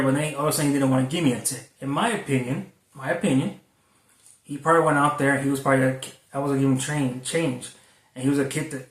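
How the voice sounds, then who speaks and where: A food delivery driver in Florida rambles through a story in a casual vlog, swearing frequently as he chats. His voice is a little high and a bit bright, and the echoey recording was made at a distance from the mic.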